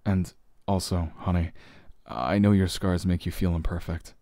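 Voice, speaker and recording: Low dark guy doing whispered role-play as a soothing boyfriend, soft and hesitant, bone dry close recording. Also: no room sound. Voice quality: soft, gentle and reassuring, with sighs and quiet laughs. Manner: hesitant fillers, slow soothing phrasing.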